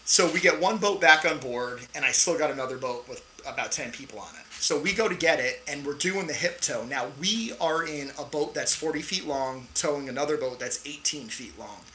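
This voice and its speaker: Middle-aged male Navy veteran guest, bright and forceful, animated storyteller who swears casually, faint noise behind. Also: a little high, fairly quick, hardly any pauses, rough recording.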